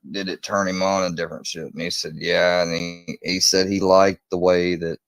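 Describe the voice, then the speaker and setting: A man with a very low voice talks in a loose, rambling way, swearing freely. He jumps up into a higher, louder voice when he acts out what people said. The sound is close and dry, with no room around it. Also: level tone, normal speed, no echo, soft background music. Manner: profane, rambling, acts out quotes in a raised voice. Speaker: true crime storyteller. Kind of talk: casual storytelling rant.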